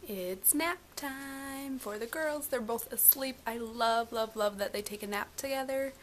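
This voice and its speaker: Unhurried and on the high side, this young mom's voice carries a relaxed, rambling vlog chat aimed at her camera inside the family home. She leans on fillers, and slight background noise is audible.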